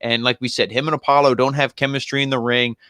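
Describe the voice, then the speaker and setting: A man's voice: medium pitch, flat delivery, pushed and bright, no echo. A man co-hosting a wrestling review show, chatting casually and rambling with lots of fillers. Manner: rambling, filler-heavy, quick asides. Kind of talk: casual chat.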